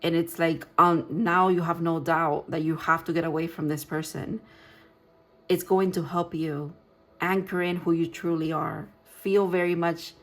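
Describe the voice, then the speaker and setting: Soft-spoken woman giving a tarot reading. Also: fairly low pitch, fairly even intonation, unhurried. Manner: gentle, reassuring, rambling with restarts. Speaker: tarot reader. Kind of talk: pick-a-card tarot reading.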